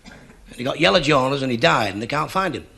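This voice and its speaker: A man telling quick stand-up gags and acting out the dialogue of his jokes. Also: mid-range voice, expressive, creaky, heavy background noise. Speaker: stand-up comedian.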